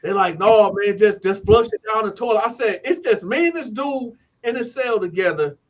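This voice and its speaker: This Flint native has an animated, high-pitched voice and a moderate pace, heard through muffled audio. His storytelling is easygoing, with frequent laughter and acted-out voices of the people involved.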